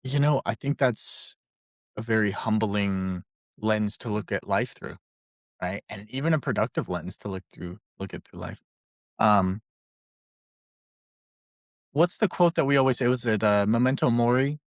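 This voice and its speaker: A man co-hosting a podcast in a chatty, playful way, putting on silly high voices for jokes. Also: measured pace, pauses often, no echo, studio quality. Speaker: podcast co-host. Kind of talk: casual podcast chat.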